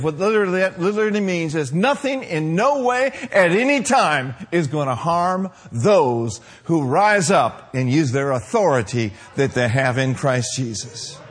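High-voiced emphatic male preacher. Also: lively intonation, husky. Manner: emphatic, drawn-out declarations, rising to shouts. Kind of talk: sermon.

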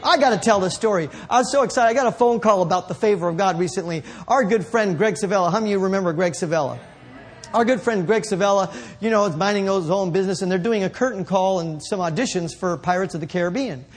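A male preacher telling a story in a sermon, rambling and correcting himself, building up to shouts. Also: sits high, quick pace.

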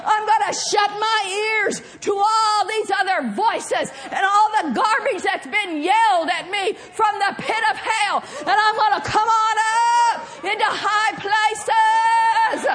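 A woman preacher with a very high voice delivers her sermon slowly and deliberately. She grows fervent as she goes, often shouting and laughing to drive each point home. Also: a faint crowd.

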